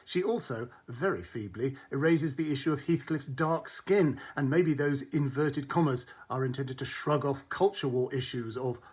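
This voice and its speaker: Husky-voiced man giving a wry film review. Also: medium pitch, normal speed, hardly any pauses. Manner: wry, arch, witty delivery. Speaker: film critic.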